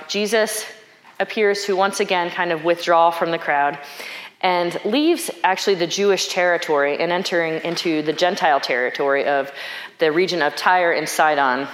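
A woman's voice: low-pitched, echoey room. A woman preaching a sermon in a reflective, conversational way, thinking aloud and asking questions.

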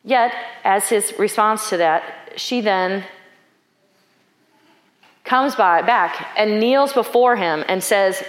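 A woman's voice: mid-range voice, slow, echoey room. A woman preaching a sermon in a reflective, conversational way, thinking aloud and asking questions.

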